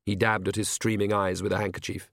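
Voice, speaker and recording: A man narrating an audiobook in a measured, wry tone. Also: lowish voice, flat delivery, vocal fry, a bit bright, no echo, clean studio sound.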